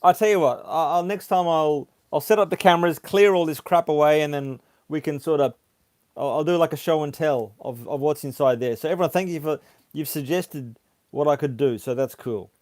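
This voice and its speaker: A man hosting a casual livestream, chatting haltingly as he reads viewer comments aloud. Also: a little high, darkish tone, no echo, clean studio sound. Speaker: livestream host. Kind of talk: casual live chat reading comments.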